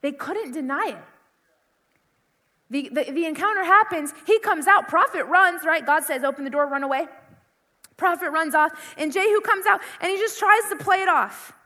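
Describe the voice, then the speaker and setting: Very high, bright-voiced woman preaching. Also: animated, normal speed, big-room sound. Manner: impassioned, conversational, full of repetition. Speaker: youth preacher. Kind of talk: sermon.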